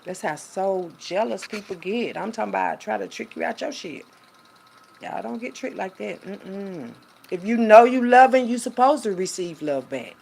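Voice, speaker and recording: Gravelly-voiced woman rambling to viewers. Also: medium pitch, animated, moderate pace, a little mellow, slight background noise. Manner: rambling, talks to viewers, reads aloud. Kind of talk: casual monologue.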